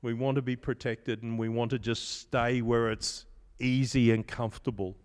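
A man's voice: medium pitch, little pitch movement, moderate pace, a little mellow, smooth, long reverb tail. A man giving a conversational sermon as pastor, telling stories with self-deprecating humor.

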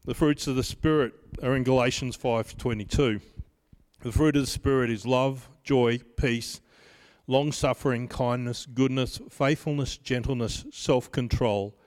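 A pastor in his fifties preaching a sermon in a measured way, mixing scripture with personal stories. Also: mid-range voice, fairly even intonation, darkish tone. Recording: long reverb of a large hall.

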